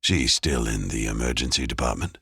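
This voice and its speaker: A man voicing a gruff, understated police detective in an audiobook, speaking tersely. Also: very deep voice, a little fast, bright, forceful tone, no echo, pitched below the performer's own voice, full character voice. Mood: guarded. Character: gruff male police detective, guarded and low-key. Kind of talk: audiobook character voice. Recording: dry close studio sound.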